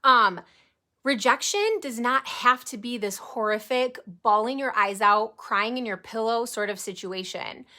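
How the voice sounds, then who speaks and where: A woman in her forties giving an energetic, chatty live training to her sales team, talking straight to her viewers. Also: a little high, measured pace. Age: 40s. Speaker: network marketing team leader.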